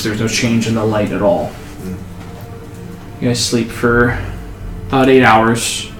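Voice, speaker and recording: A man narrating as game master of a tabletop game in an unhurried, descriptive way. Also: lowish voice, a bit bright. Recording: echoey room, music behind.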